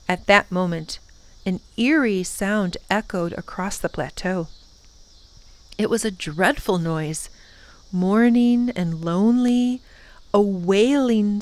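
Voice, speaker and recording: A woman librarian reads a chapter book aloud to children in a gentle, expressive storybook manner. She takes her time over every phrase. The sound is dry and close. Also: mid-range voice, dry recording.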